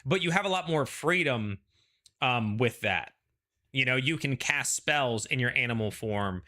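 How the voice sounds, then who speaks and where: A man's voice: mid-range voice, expressive, a little slow, bright, forceful tone. A man hosting a casual pre-show chat, talking in a rambling, hedging, chatty way. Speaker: show host.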